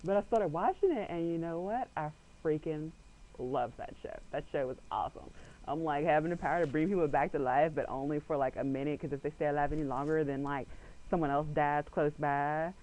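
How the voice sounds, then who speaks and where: A young man talks straight into his webcam at home in a loose, rambling way, with "like" in nearly every sentence. His voice sits a little higher than most men's. He keeps slipping into quick impressions of what he and others said. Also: darkish tone, rough recording. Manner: chatty, rambling, peppered with "like", acts out quotes. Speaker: vlogger. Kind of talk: casual webcam chat.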